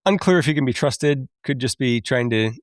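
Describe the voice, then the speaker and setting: A man in his thirties hosting a podcast, chatty and quick to laugh as he recaps a film and admits it moves him. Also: medium pitch, lively intonation, no echo, studio quality. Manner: chatty, laughs often, openly emotional. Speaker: podcast host.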